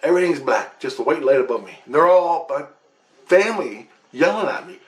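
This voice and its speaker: A man's voice: on the high side, lively intonation, fairly quick. A man telling his own story in a casual, emphatic way, swearing and restarting as he goes, recorded on a computer webcam. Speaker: vlogger recounting a past-life recall. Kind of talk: casual first-person storytelling. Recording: roomy echo.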